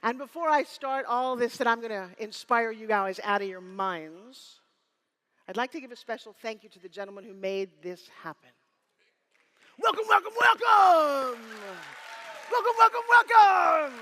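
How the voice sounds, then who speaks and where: A woman in her fifties giving a live motivational keynote on stage, energetic and teasing, rallying the crowd with call-and-response. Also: mid-range voice, normal speed. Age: 50s. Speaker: motivational speaker. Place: stage before a live audience in a hall. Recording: room reverb.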